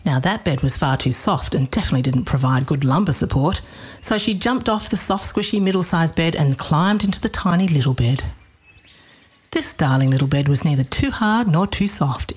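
A woman narrating a children's story in a gentle, expressive way, slowing down on the cosy moments. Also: sits low, slightly rough.

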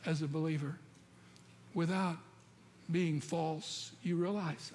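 A man's voice: on the high side, a little slow, darkish tone, slight background noise. A man preaching a sermon and telling stories, often putting questions to his congregation. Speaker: pastor. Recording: long hall reverb, faint ambience.

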